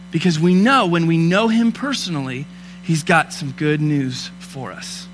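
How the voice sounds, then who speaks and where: A man in his thirties preaching a sermon, telling personal stories and rising from hushed asides to loud, fervent preaching. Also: on the high side, a little slow, slight background noise. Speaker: pastor.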